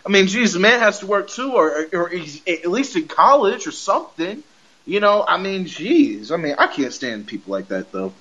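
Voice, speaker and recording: A man's voice: high-pitched, pushed and bright. A young man hosting a casual sports podcast, rambling with stuttered restarts and laughing at his own jokes. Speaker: podcast host. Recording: lo-fi podcast audio.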